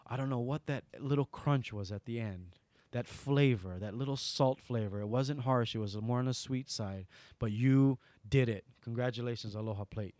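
Animated Hawaiian man telling stories. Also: medium pitch, moderate pace, no echo. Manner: animated, swings from loud bursts to soft asides. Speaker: guest entertainer. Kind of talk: storytelling interview.

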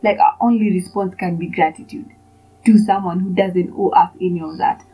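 A woman's voice: lowish voice, fairly even intonation, normal speed, husky, muffled recording, soft background music. A young woman hosting a podcast, talking in a chatty, rambling way full of fillers as she shares a casual devotional. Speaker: podcast host.

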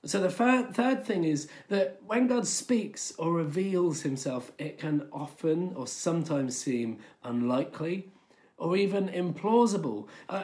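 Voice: mid-range voice, a little mellow. A preacher giving a sermon in a conversational, storytelling way, often using filler words.

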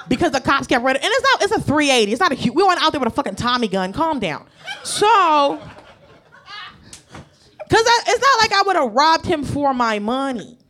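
A woman's voice: sits high, very animated, moderate pace, long pauses, fairly bright tone, a little hiss or hum. A woman doing stand-up, telling a profane story and acting out the voices of the people in it. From United States. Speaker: stand-up comedian. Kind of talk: stand-up comedy set.

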